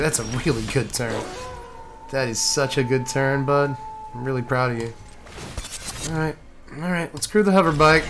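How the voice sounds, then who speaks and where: A man commenting casually on his own online card game, talking to himself and ranting in exasperation when plays go wrong. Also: mid-range voice. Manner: animated, talks to himself and the game, exasperated rants. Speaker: gameplay streamer.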